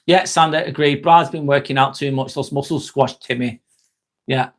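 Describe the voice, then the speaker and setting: A man's voice: medium pitch, fairly even intonation, moderate pace. A man hosting a casual live stream, joking, laughing often and answering chat comments.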